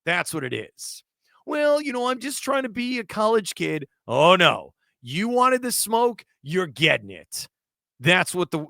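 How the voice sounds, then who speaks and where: Ranting high-voiced sports talk host. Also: male voice, bright, forceful tone, no echo, clean studio sound. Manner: emphatic, ranting. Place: radio studio.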